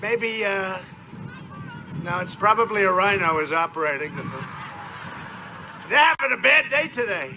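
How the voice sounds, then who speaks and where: A man's voice: high-pitched, lively intonation, moderate pace, pauses often. A man speaking at an outdoor political rally, rambling, boastful and repetitive. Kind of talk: campaign rally speech. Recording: noisy outdoor rally recording.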